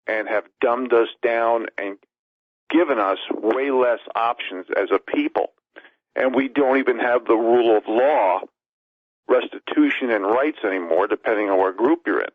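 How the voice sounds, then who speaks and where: A man's voice: mid-range voice, no echo. A man calling into a radio talk show as a regular co-host, emphatic and ranting as he piles up lists. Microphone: telephone. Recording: tinny phone line.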